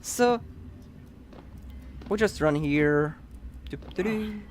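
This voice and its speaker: A man's voice: a little high, animated, normal speed, faint music behind. A man with a Dutch accent giving chatty, upbeat live commentary on his own speedrun, explaining as he plays.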